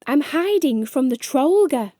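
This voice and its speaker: A woman's voice: high voice, lively intonation, measured pace, mellow, no echo, clean studio sound, pitched above the performer's own voice. A woman voicing a frightened young boy in a read-aloud children's storybook, speaking anxiously. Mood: nervous. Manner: anxious, urgent.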